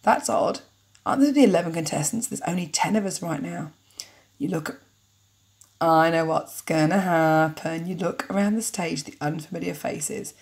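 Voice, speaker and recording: A woman's voice: lowish voice, normal speed, vocal fry, darkish tone. A young woman reading a story game aloud as she plays, chatty with jokey asides between the lines. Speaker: let's-play narrator. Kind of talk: casual game narration with commentary.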